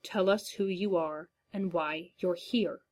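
A woman voicing a menacing male creature who speaks in a low, commanding rumble, reading a story. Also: slow, a little mellow.

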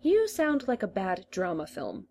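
A woman's voice: medium pitch, wildly swooping pitch, measured pace, darkish tone, slight background noise. A woman reading a story aloud, voicing a scheming male Time Lord who coaxes, teases and boasts. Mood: teasing. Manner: coaxing, teasing and boastful.

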